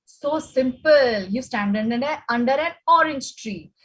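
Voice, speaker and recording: A woman's voice: high-pitched, measured pace, rough recording. A woman with an Indian English accent giving a conversational classroom lecture, often checking in with "okay?". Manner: conversational, asks the audience, frequent "okay?".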